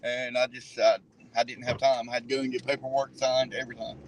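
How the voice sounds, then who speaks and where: A man's voice: medium pitch, flat delivery, quick pace, background noise. Cussing Southern trucker man. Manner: profane, emphatic, laughing easily. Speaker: truck driver guest. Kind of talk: casual chat.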